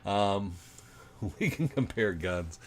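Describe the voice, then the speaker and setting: A man's voice: on the low side, lively intonation, takes it slowly, a little hiss or hum. A middle-aged man from Arizona hosting a livestream, chatting casually and rambling with many ums. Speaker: livestream host.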